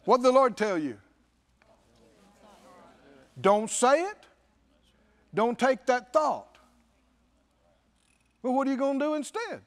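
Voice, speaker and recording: A male pastor delivers a sermon with a notably high voice that swoops up and down with lively expression. He talks emphatically, repeats phrases for weight and quotes scripture often. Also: slow pace, pauses often.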